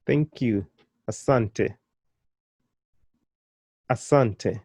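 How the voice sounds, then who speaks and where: Encouraging man teaching slowly. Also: no echo. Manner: encouraging, repeats words slowly for learners to copy; animated, with sudden jumps in pitch and volume. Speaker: language teacher. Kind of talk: beginner language lesson.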